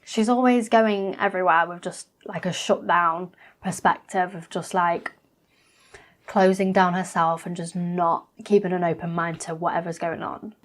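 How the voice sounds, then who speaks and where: A woman's voice: fairly low pitch, steady tone, moderate pace. A woman reacting to a reality TV episode in a blunt, chatty way, swearing freely. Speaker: reaction vlogger.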